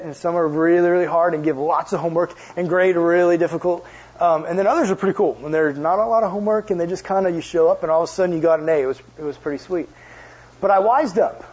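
A man's voice: a little high, darkish tone, breathy edge. A young man preaching to a youth group in a casual, joking storytelling style, often turning to ask the audience questions. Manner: casual, chatty, jokey asides to the audience. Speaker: youth pastor. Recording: dull lo-fi sound.

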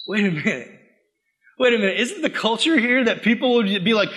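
A young man preaching a sermon as pastor, animated, swinging from loud acted-out quotes to quiet, earnest asides. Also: sits high, brisk.

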